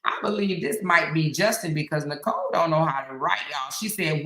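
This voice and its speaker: A woman's voice: low-pitched, sing-song, a little fast, hardly any pauses, fairly bright tone, echoey room, poor audio. A woman hosting a casual commentary stream, reading viewer comments aloud in a sassy, mocking way and laughing often. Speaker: host.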